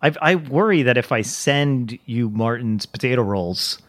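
East Coast guy, laid-back deadpan co-host, filler-heavy; dry, close recording. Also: medium pitch, a little slow, dry recording. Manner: easygoing, deadpan joking, drifts into fillers. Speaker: podcast co-host. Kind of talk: casual chat.

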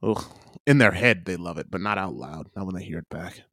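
A man's voice: low-pitched, a little fast, bright, forceful tone, no room sound, clean studio sound. A man co-hosting a podcast in casual chat, teasing his partner and laughing often. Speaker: podcast co-host.

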